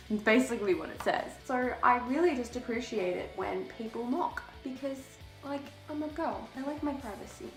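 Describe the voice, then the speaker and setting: A breathless, giggly teen girl vlogger chats casually to camera, swearing casually and laughing often. Her voice is a little high at a moderate pace, with faint music behind her and a roomy echo from the room.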